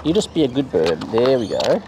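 A man who runs a bird-feeding channel, chatting casually and playfully to wild birds in a high, sing-song baby-talk voice. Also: sing-song, brisk. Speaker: bird feeder and channel host. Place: outdoors with wild cockatoos. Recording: noisy outdoor recording.

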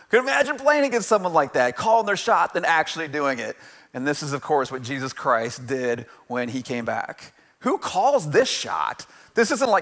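A man in his forties gives a casual, conversational sermon in a church. His voice sits a little high for a man. He keeps checking in with "right?" and laughs easily as he goes. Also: brisk, a bit bright. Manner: conversational, asks "right?" often, jokes and laughs. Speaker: pastor. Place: church sanctuary.

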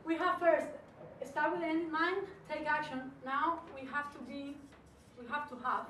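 High-voiced coaching woman with foreign accent. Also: moderate pace, recorded from a distance. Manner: animated, coaxing, with many restarts. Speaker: workshop coach. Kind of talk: leading a live workshop. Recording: echoey room, voice from afar, faint noise.

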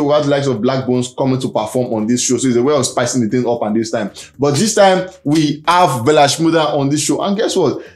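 A man's voice: medium pitch, darkish tone. Man hosting chatty celebrity news. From Nigeria. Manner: chatty, reads out fan comments, frequent fillers. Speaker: entertainment news host. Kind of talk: casual entertainment news roundup.

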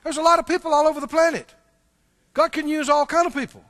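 A middle-aged man preaching a sermon as pastor, swinging between loud outbursts and soft asides, chuckling between points. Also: extremely high pitch, fairly even intonation, quick pace.

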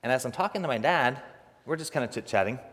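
A young man preaching a sermon, telling a personal story in an animated way and acting out the other people's voices, laughing often. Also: medium pitch, fast. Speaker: pastor. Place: church sanctuary. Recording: long reverb of a church hall.

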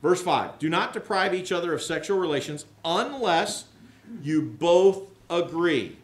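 Candid storytelling pastor in a roomy hall. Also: male voice, a little high, expressive, unhurried. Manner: candid, self-mocking storyteller who acts out quoted voices. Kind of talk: conversational sermon with personal stories. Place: large rented hall used for church services.

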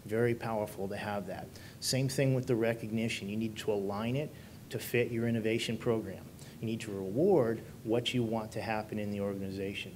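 A man with a somewhat low voice gives a talk in a conference room, putting questions to the audience and reacting to their answers. A faint rumble sits under the recording. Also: fairly even intonation, a little fast, darkish tone. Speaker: conference speaker. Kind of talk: conference presentation.

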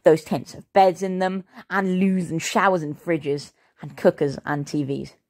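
A woman reading the lines of a stubborn, cheerful father who loves roughing it, in a hearty, insistent storybook voice. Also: on the low side, fairly even intonation, measured pace, darkish tone.

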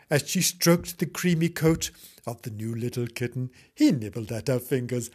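Husky man, cheeky storyteller. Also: medium pitch, moderate pace, fairly bright tone. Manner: mock-sweet, cheeky asides, giggly. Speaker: comic storyteller. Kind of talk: comic children's book reading with ad-libs.

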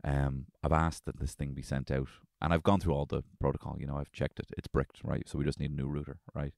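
A man putting on a slow, soft, deliberately calm villain voice to play himself. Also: rumbling low, vocal fry, no room sound, clean studio sound. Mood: icy calm. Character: overly calm, quietly menacing movie-villain version of himself.

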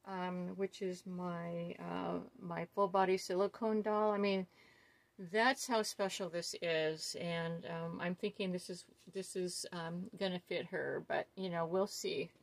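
A woman's voice: fairly low pitch, gravelly, no room sound. A middle-aged woman chatting casually as she unboxes gifts, gushing and awestruck, with many ums. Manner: gushing, awestruck, full of fillers. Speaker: doll collector vlogger.

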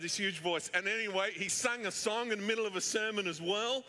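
A man's voice: sits high, fairly quick, pushed and bright, a little hiss or hum. A middle-aged man preaching a sermon, telling stories in a chatty way with plenty of fillers. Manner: chatty storyteller, many fillers. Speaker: pastor. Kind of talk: sermon with anecdotes. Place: church hall. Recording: echoey church hall.

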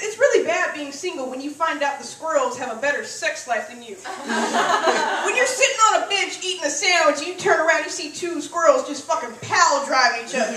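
A young woman with a very high, sharp voice performs a brash, profane stand-up set with punchy delivery. The recording is echoey and distant from the mic, with slight background noise.

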